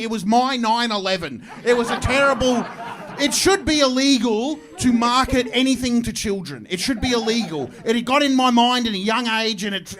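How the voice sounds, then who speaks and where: A man's voice: very high voice, fairly bright tone. An Australian man doing a stand-up comedy set, telling a self-deprecating story and acting out voices. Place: comedy club stage with live audience.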